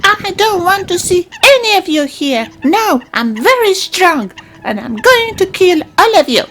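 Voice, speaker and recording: A woman playing a bossy squirrel bully, very high and slow. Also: very animated, a bit bright, exaggerated voice. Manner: threatening, bragging. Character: tough bossy male squirrel, territorial bully. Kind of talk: comic voice-over for wildlife.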